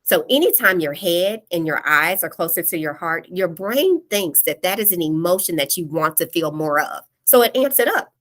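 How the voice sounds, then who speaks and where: Lower-voiced woman teaching parents. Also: expressive, moderate pace, few pauses, a bit bright. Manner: practical, explains step by step, often starts with "so". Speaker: parenting workshop presenter. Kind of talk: explanatory online workshop talk.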